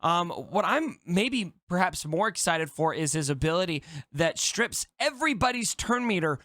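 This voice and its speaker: A man appearing as a guest, talking enthusiastically and excitedly about game strategy. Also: high voice, normal speed, no room sound, studio quality. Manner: excited, animated, hyped. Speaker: guest content creator. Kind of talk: enthusiastic gaming discussion.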